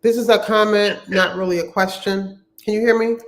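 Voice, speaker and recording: A moderator reads out audience questions and comments in a brisk, matter-of-fact way. The delivery is plain, with a middle-pitched voice. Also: steady tone.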